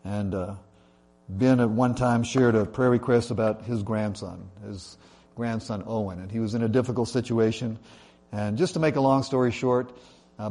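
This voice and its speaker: A man's voice: on the low side, mellow. A man preaching a sermon in a church, talking in a conversational way with many fillers and building emphasis through lists. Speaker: pastor.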